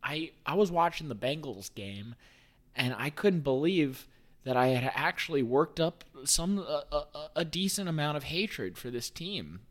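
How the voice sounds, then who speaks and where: A man's voice: a little high, animated, a little slow, a bit bright. A man in his thirties hosting a podcast, in rambling, profane, joking casual sports talk. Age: 30s. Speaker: podcast host.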